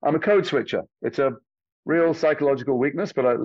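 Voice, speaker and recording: This is a male actor guest from England, chatting in an interview with a Liverpool-and-London accent, cursing offhandedly as he tells lively stories. He speaks fairly quickly at a fairly high pitch, and his tone is darkish. The audio is lo-fi and has no echo.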